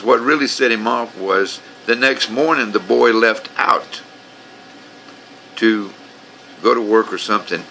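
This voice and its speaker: Low, bright-voiced aggrieved man. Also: slight background noise, rough recording. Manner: aggrieved, profane, rambling. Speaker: vlogger telling his own complaints. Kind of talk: casual storytelling rant.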